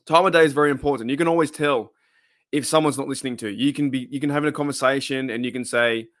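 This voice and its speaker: A man's voice: mid-range voice, fairly even intonation, quick pace, fairly bright tone, no room sound, studio quality. A young Australian man chatting casually on his channel, rambling off on tangents and chuckling often. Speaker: channel host. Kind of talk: casual live-stream chat.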